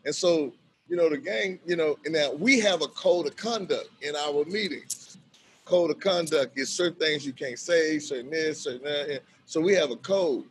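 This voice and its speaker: A middle-aged man with a slightly raised pitch tells stories in a loose, animated way, laughing often as he goes. Faint noise sits under his voice. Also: moderate pace. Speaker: bishop and violence-prevention worker. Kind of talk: casual storytelling in a conversation.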